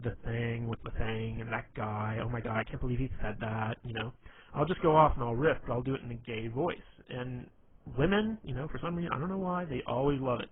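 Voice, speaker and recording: A young man giving casual dating advice in a rambling monologue, full of "you know" fillers and stammered restarts. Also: medium pitch. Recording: tinny phone-like audio, faint noise.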